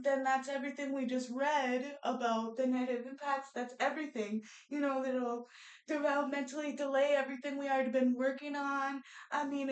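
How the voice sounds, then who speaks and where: Young mom vlogging, high voice, rambly and earnest, keeps restarting, talks to her baby sometimes. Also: poor audio. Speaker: vlogger and stay-at-home mother. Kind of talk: casual talk to camera.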